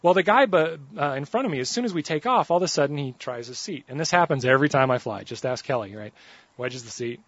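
A man preaching a sermon, telling a funny personal story in an animated, joking way. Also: a little high, fast, no echo, lo-fi sound.

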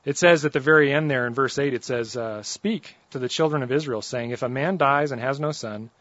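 A man's voice: mid-range voice, a little fast, fairly bright tone, dry recording, dull audio. A young adult man preaching a sermon, reading scripture and telling funny stories about himself in an easygoing, conversational way. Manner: conversational, self-deprecating storytelling between scripture readings.

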